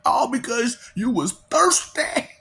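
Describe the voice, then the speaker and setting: A man's voice: very high-pitched, expressive, slow pace, creaky, bright, forceful tone. A man in a casual, preachy monologue, chuckling often and asking rhetorical questions. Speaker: vlogger.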